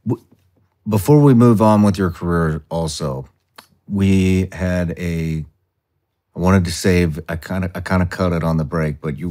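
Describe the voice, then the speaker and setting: A man hosting an interview, asking his questions in a halting way and repeating words as he works out what to say. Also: sits low, darkish tone. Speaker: podcast host.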